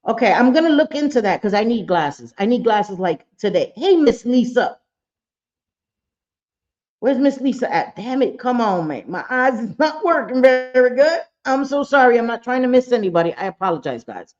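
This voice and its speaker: A woman's voice: a little high, big pitch swings, normal speed, a little mellow, lo-fi sound. Chatty swearing woman on a livestream. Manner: chatty, blunt, swears freely, greets viewers by name. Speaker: livestream host. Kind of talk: casual livestream chat.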